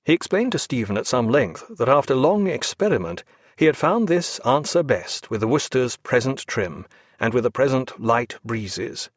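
A man reading a historical naval novel aloud as audiobook narrator, measured and expressive. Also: mid-range voice, no room sound, clean studio sound.

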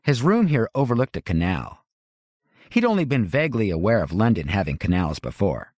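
Guy narrating an audiobook, measured and wry, very lively pitch, dry close mic. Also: dry recording. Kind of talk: scripted narration.

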